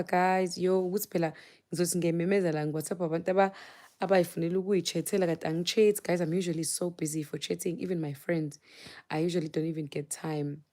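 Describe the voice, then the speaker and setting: South african lady w zulu accent chatting live on her phone, lowish voice, animated, keeps mixing in zulu. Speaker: live stream host. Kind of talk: casual live chat.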